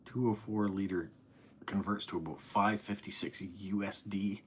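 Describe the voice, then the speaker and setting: A middle-aged man with an East Coast Canadian accent hosts a live stream. His voice sits a little low, and he is friendly and chatty as he reads viewer comments aloud and answers them. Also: steady tone, normal speed, slightly rough. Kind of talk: casual live-stream chat reading comments.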